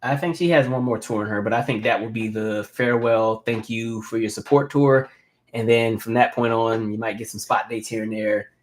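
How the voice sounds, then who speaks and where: A man in his thirties hosts a relaxed live stream and chats with his viewers. He tells stories with lively energy and reads their comments out loud in an ordinary mid-range voice. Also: medium pitch, normal speed. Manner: animated storytelling, reads viewer comments aloud. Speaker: host. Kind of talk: casual live-stream chat.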